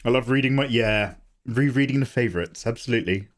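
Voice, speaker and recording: A young man with a croaky voice, chatting loudly and swearing a lot while he streams himself drawing at home. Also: medium pitch, quick pace. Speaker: livestreaming artist. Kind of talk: casual chat while drawing.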